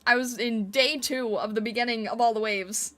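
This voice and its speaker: A woman's voice: a little high, steady tone, moderate pace, fairly bright tone. A woman streamer chatting casually with her viewers on a live stream, giggling often as she reacts to their comments. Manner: giggly, playfully reacting to chat.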